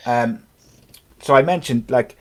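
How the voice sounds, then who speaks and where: A man's voice: mid-range voice, takes it slowly, a bit bright. A man hosting a casual sports podcast, talking in a rambling way with many fillers and restarts. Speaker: podcast host.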